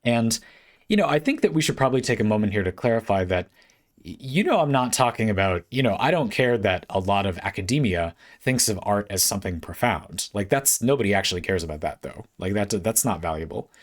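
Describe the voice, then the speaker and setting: A man with a fairly low voice talks to his webcam from a room at home, working through his ideas as he goes. He trips over restarts and fillers and throws in quick asides and short laughs. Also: expressive. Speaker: host answering a viewer question. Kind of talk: casual spoken essay to camera.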